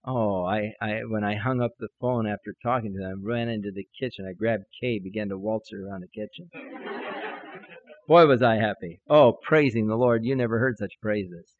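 A male pastor preaching a sermon, telling a personal story and acting out the dialogue, with a lively delivery that swells into exclamations. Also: lowish voice, normal speed, dull audio. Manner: animated, acts out dialogue, rising to exclamations.

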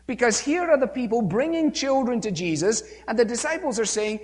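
A man's voice: very high-pitched, animated, brisk. A man preaching a sermon, emphatic, with rhetorical questions and acted-out quotes, recorded in a church with a long reverb.

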